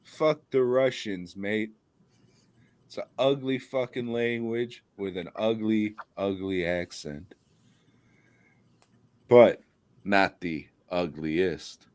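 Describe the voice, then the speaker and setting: A man's voice: lowish voice, takes it slowly, long pauses, a little mellow, no room sound. A man co-hosting a casual comedy podcast, ranting in a profane, mock-angry way. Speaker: podcast co-host.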